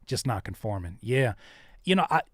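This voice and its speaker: Male host, live-stream commentary, lively swooping pitch, dry close sound, slangy and emphatic. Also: normal speed, no room sound. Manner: animated and slangy, repeats phrases for emphasis; acts out other people's remarks in shifting voices. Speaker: rapper and producer hosting a live stream.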